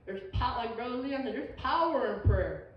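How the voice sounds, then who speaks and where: A woman's voice: fairly high pitch, expressive, normal speed. Folksy woman in an echoey church. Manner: folksy, emphatic, repeats amen. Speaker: Sunday school teacher. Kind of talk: informal church teaching. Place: church sanctuary. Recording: distant echoey church recording, dull.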